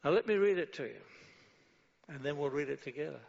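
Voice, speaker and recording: Gravelly preacher in a hall. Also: male voice, on the high side, animated, fairly quick, darkish tone. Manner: rhetorical questions answered with a firm no; leads the congregation in reading prayer aloud. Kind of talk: sermon. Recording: dull sound with long hall reverb.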